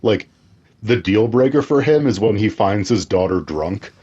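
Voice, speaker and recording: A man's voice: lowish voice, animated, normal speed, mellow, husky. A man co-hosting a podcast in a casual movie-recap chat, blunt and crude in his asides. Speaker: podcast co-host. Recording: dull lo-fi sound.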